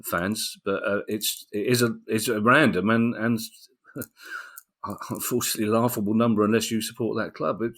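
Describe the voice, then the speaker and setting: A man's voice: on the low side, fairly even intonation, moderate pace, fairly bright tone. A man hosting a podcast, introducing stories in a casual, jokey way and handing questions to his co-host. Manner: jokey, laughs while presenting stories.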